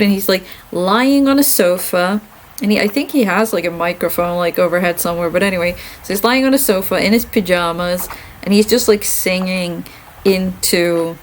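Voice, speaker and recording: A tired woman streamer who is a classical musician, chatting casually and venting in a rambling, animated way while playing a game. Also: mid-range voice, poor audio.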